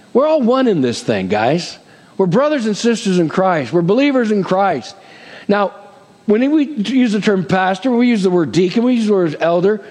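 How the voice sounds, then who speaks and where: A man pastor preaching in a church, his voice a touch high and swinging widely up and down as he talks. He keeps it conversational, with little jokes and a checking "Amen?", while a long reverb trails each phrase. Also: a little mellow. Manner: conversational preaching with joking asides and frequent "Amen?". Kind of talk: sermon.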